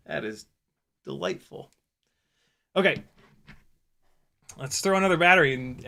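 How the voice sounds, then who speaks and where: A young man giving casual running commentary while flying a drone, excitable, often exclaiming and laughing, swearing casually. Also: fairly high pitch. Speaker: FPV drone pilot and video host.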